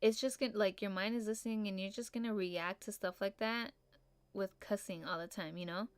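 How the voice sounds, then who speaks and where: A woman's voice: mid-range voice, steady tone, a little fast, clean tone, no echo. A young woman hosting a casual solo podcast, laid-back and rambling, full of fillers and casual swearing. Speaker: podcast host.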